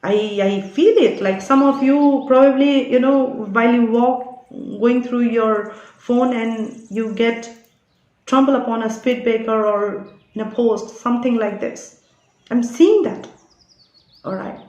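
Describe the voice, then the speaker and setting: A woman's voice: fairly high pitch, fairly even intonation, a little slow, a little mellow, muffled recording. Insistent woman preaching in an echoey room. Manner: preachy, insistent, keeps adding "all right?". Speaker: spiritual channel reader. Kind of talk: spiritual guidance monologue.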